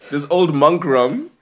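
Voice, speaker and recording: A man co-hosting a podcast in casual chat, laughing often and trailing off mid-sentence. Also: sits high. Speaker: podcast co-host.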